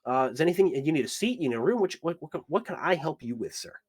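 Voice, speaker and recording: A man's voice: a little high, animated, fast talker, slightly rough, voice pushed up. A man voicing an eager male tavern bartender who rambles through the menu with lots of fillers. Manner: upbeat salesy, rambling with fillers.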